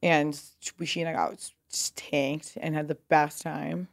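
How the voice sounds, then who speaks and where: A chatty woman from Pasadena, California, talks at normal speed in a lower-pitched, creaky voice with little pitch movement. A guest and clothing brand founder, she tells stories in a casual interview, rambling, saying "like" a lot, and swearing casually.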